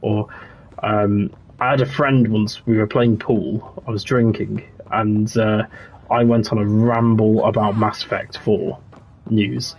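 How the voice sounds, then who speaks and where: A young man streaming a game, chatting in a relaxed, rambling way and answering his chat as he plays. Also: fairly low pitch, slow pace, a little hiss or hum. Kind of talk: casual livestream chat.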